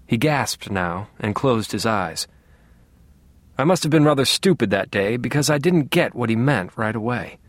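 Male audiobook narrator, mid pitch, dry close mic, measured wry first-person read. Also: animated, dry recording.

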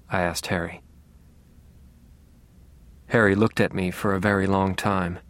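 A man narrating a first-person novel in a measured, wryly dry manner. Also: low voice, level tone, fairly bright tone. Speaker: audiobook narrator.

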